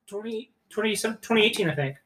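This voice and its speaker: A man's voice: high-pitched, fast talker, a loud crowd, poor audio. A man co-hosting a podcast, chatting casually about comedy films and animatedly retelling scenes. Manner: animated storyteller, acts out quotes. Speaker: podcast co-host. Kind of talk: casual chat.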